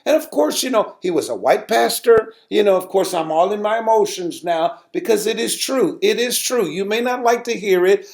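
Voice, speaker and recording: A middle-aged man, a pastor, telling a story from his ministry in an animated way, repeating words and rising sharply when he recalls his anger. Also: high voice, brisk, few pauses. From United States. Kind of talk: storytelling sermon talk.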